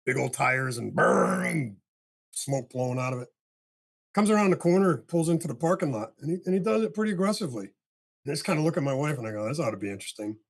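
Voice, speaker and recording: An older man, a podcast guest, telling a long story in casual talk and acting out the dialogue with a husky voice. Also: on the high side, fast. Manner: animated storyteller, acts out dialogue, swears casually.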